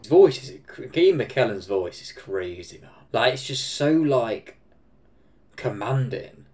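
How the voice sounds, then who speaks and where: A man with an English Midlands accent reacting to a film, excitable, swearing and laughing often. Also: mid-range voice, slow pace, soft background music. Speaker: reaction video host. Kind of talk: casual reaction commentary.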